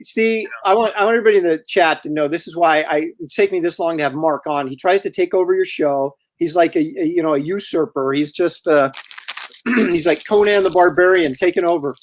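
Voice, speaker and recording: A man's voice: a little high, brisk. A man hosting a live stream, chatting casually and teasing his guest. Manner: joking, teasing, relaxed. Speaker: host.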